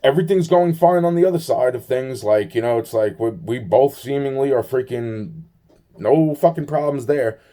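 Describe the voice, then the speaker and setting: A young man tells a personal story in an agitated, rambling way, swearing often and restarting his sentences with lots of fillers. His voice is medium-pitched and mellow, with lively intonation and a normal speed.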